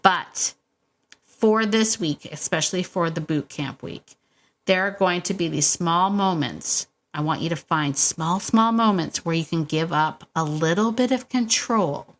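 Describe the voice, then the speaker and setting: Encouraging woman host, fairly low voice. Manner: warm, encouraging, laughs often, repeats herself. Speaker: podcast host, dog trainer. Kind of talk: casual coaching monologue.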